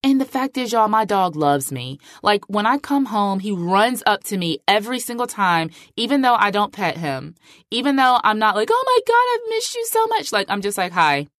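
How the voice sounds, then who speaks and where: A woman's voice: mid-range voice, animated, moderate pace, fairly bright tone, no room sound, studio quality. Chatty, emphatic woman podcast host. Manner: chatty, emphatic, heavy use of filler like. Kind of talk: casual podcast monologue.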